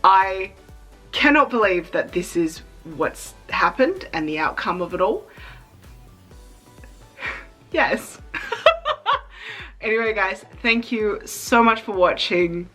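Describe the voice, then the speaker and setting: A young woman vlogging in a chatty, excitable way, fighting back tears as she talks. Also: mid-range voice, slow pace, long pauses, soft background music, rough recording. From Australia. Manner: chatty, excitable, emotional, trying not to cry. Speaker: cosplay vlogger. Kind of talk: casual vlog talk.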